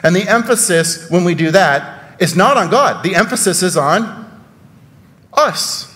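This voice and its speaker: A man's voice: sits high, lively intonation, measured pace, a bit bright, long reverb tail. A man preaching a sermon in a church, conversational and full of rhetorical questions and sarcastic asides. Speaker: pastor.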